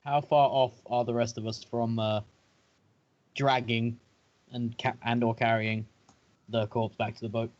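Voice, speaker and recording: A man's voice: medium pitch, level tone, a little slow, long pauses, a little mellow, lo-fi sound. A man playing a tabletop game, making wry teasing remarks. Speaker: player. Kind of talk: casual chat.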